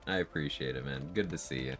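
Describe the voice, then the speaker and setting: A man's voice: extremely low pitch, quick pace, fairly bright tone, soft background music. A man streaming a game live, chatting casually in a sleepy, laid-back way, laughing often and swearing now and then. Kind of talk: casual live-stream chat over gameplay.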